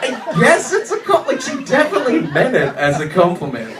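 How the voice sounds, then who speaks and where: A young man from Australia spins a funny live story in a slightly high voice, animated and self-mocking. The room rings around him, and he sounds a little off the mic. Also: fairly quick, a crowd in the background, noisy background. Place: live stage show in a venue. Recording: roomy sound from a distance.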